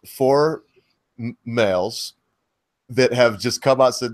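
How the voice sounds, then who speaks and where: Rambling North Carolina podcast host. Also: male voice, mid-range voice, lively intonation, normal speed. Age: 40s. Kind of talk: casual chat.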